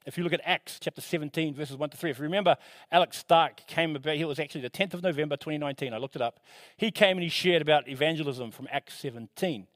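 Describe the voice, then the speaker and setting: A man preaching a sermon in a lively, conversational way, rising and falling for emphasis and breaking off for casual asides. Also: fast, no room sound. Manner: animated, shifting pitch and loudness for emphasis; conversational, self-correcting with asides.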